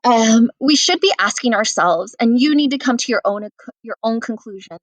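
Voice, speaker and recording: A woman's voice: fairly high pitch, moderate pace, no room sound. A woman teacher guiding students through a play in a casual, explanatory way, with frequent "um" and "like". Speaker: English teacher. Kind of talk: guided reading lesson.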